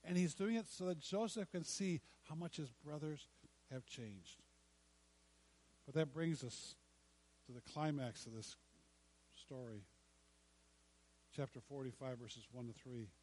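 A man preaching a sermon, telling a story dramatically with repeated lines and long pauses. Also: medium pitch, lively intonation, darkish tone. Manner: dramatic, acts out quoted lines with pauses and repetition. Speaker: pastor.

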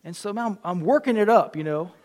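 High-voiced animated man preaching. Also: fast. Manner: animated storyteller, acts out quotes, drops to near whisper. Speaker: pastor. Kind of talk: sermon with personal stories.

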